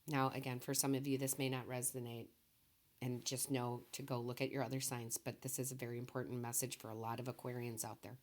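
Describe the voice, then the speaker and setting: Woman tarot reader, very low voice, soft and emotional, close to tears, gently reassuring. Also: level tone, brisk. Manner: soft-spoken, emotional, reassuring, says okay often. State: tearful, voice low and quiet.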